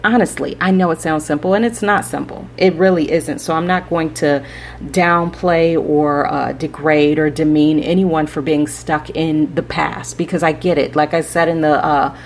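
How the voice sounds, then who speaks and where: Speaking steadily at a moderate pace in a low voice, a woman offers rambling, preachy advice on her spiritual podcast. She addresses listeners directly and keeps asking "right?", over slight background noise.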